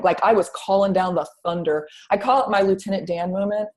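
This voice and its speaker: A woman's voice: mid-range voice, a little fast. Woman telling a candid spiritual story. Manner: animated, quotes her own past thoughts, casual swearing; repeats words, many fillers. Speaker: guest telling her story.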